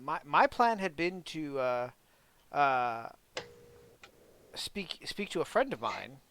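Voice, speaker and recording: A man playing a nervous fire sage, halting speech, slightly high, bright clear voice. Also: big pitch swings, a little hiss or hum, full character voice. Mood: hesitant. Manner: halting, stammering repeats. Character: timid male fire sage, unsure and hesitant.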